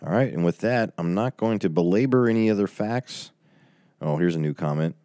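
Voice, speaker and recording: A man's voice: low-pitched, animated, brisk, mellow, no echo, clean studio sound. A man in his forties wrapping up a livestream Bible study, chatty and tearing up as he reads out viewer comments. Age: 40s.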